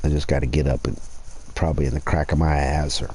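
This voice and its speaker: A man on a livestream, ranting profanely and rambling, his voice swelling loud when he presses a point. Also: extremely low pitch, steady tone, fast, a little hiss or hum. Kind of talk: casual livestream rant.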